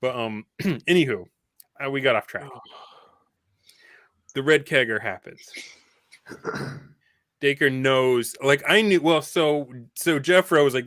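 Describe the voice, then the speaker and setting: An animated man recounts a tabletop game session in loose, casual chat. He laughs often and acts out what people said. His voice is bright and forceful at an average pitch. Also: slow, pauses often, no room sound, clean studio sound. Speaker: podcast guest, former game player.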